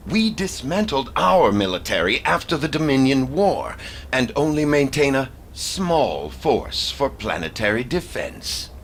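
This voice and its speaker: A wary alien delegate for a video game, choosing each formal phrase with care. His delivery rises and falls in an animated way at a middle pitch, over a faint hiss. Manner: formal, deliberate diplomatic phrasing.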